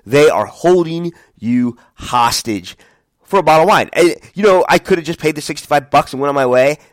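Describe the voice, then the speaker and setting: A man's voice: on the high side, moderate pace, no echo. A man in his forties hosting a podcast, telling a frustrated travel story in a casual monologue and acting out the lines of the people he quotes. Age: 40s. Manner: animated storytelling, acts out quotes. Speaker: podcast host.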